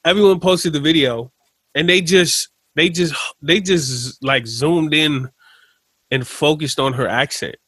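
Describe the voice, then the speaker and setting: A man co-hosting a podcast in casual chat, telling stories in a rambling, animated way. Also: fairly high pitch, unhurried, slightly rough, no room sound. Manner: rambling, animated storytelling with laughs. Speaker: podcast co-host.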